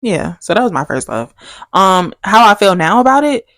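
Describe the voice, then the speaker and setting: A woman's voice: moderate pace, no echo. A young woman co-hosting a podcast, telling a story casually and acting out the quoted lines. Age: young adult. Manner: animated storytelling, acts out quotes with big pitch jumps. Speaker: podcast co-host. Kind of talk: casual chat.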